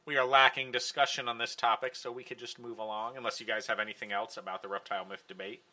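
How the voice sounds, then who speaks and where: A man's voice: mid-range voice, flat delivery, quick pace, pushed and bright. A man hosting a live podcast in casual chat, joking and swearing freely. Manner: joking, swears casually, theatrical segment announcements. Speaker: podcast host.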